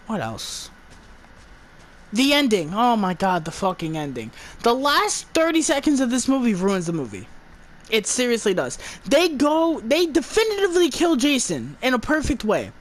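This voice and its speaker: A woman's voice: a little high, huge pitch swings, unhurried. A woman giving an exasperated, profane movie review, stumbling and restarting her words as she rants.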